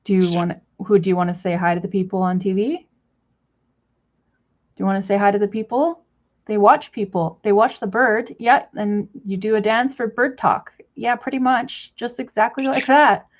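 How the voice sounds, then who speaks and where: A woman's voice: medium pitch, fairly even intonation, moderate pace, lo-fi sound. A woman chatting casually to her pet bird in cooing baby talk, swearing now and then. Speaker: vlogger.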